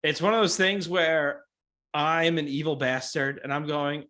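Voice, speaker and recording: A man's voice: a little high, fairly even intonation, unhurried, sharp tone. A man co-hosting a casual movie podcast, wry and contrarian, cracking jokes. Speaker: podcast co-host.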